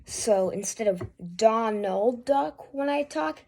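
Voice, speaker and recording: A woman hosting a casual spoken tutorial, talking haltingly with fillers and restarts. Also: on the high side, lively intonation, warm tone. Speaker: YouTube voice tutorial host.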